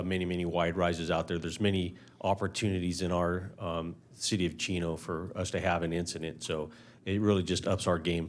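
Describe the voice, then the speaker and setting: A man speaking as fire chief at a council meeting, halting and full of filler words. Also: sits low.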